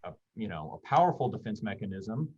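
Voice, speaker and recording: Low, rambling male guest with lots of fillers, muffled lo-fi call audio. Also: expressive, fairly quick, background noise. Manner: rambling, thoughtful, many fillers. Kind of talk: casual conversation on a video call.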